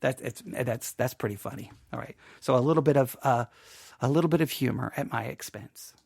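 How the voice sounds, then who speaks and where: A man's voice: mid-range voice, a little fast, vocal fry, a little mellow, husky, no echo, clean studio sound. An American man hosting a Bible podcast, talking casually in a rambling, self-deprecating way with many restarts. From United States. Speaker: podcast host.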